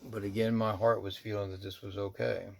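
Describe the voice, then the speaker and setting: A man, a shaman, telling a personal story in a blunt, profane, animated way. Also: lowish voice, brisk, creaky.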